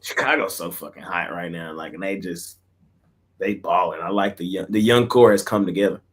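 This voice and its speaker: A man hosting a sports betting picks show, talking in a casual, slangy way that often trails off quietly. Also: low voice, normal speed.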